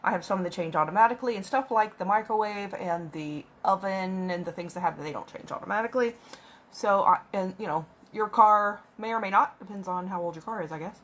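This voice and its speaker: A makeup vlogger rambles chattily through a tutorial while applying makeup at home with her cat, recorded on a phone camera. Her mid-range voice is a bit bright and fairly quick.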